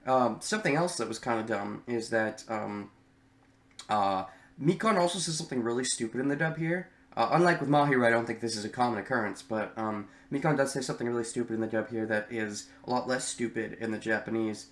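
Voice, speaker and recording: A man of ordinary pitch gives a casual, unscripted spoken commentary, full of ums and restarts and free with a swear word. His voice carries a roomy echo, as if he is recording in a bare room. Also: brisk. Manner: rambling and candid, many ums, swears freely. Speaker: anime reaction youtuber.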